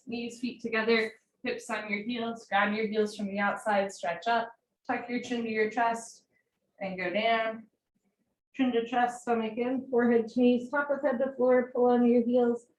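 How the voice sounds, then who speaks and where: A woman instructing a live yoga class from home, giving calm posture cues with chatty, encouraging asides. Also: fairly high pitch, moderate pace, a little hiss or hum. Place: home room. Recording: roomy home recording.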